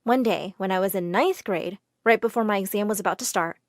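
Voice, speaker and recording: A woman narrating a first-person storytime in an expressive, dramatic way. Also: medium pitch, a little fast, no echo, clean studio sound.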